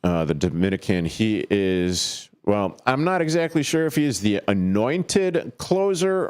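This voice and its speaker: A deep-voiced man hosting a sports radio show solo from a studio, his voice smooth and resonant. He talks in a slow, unhurried way, rambling and joking through plenty of fillers and jumping up into high, yelped player names now and then. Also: big pitch swings. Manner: rambling and jokey, full of fillers, with sudden high yelped name calls.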